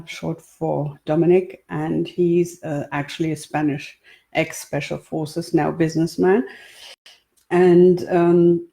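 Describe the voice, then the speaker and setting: A woman author chatting in a relaxed way before reading live from her book for an online stream. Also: low-pitched, vocal fry. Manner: relaxed, chatty, with ums and laughs. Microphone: webcam or phone for a live stream.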